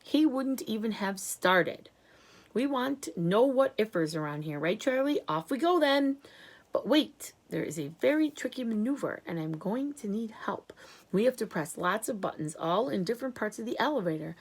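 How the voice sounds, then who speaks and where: A woman's voice: on the high side, lively intonation, moderate pace. A woman voicing an eccentric, grand male candy-maker in a read-aloud storybook, exclamatory and commanding. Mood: excited.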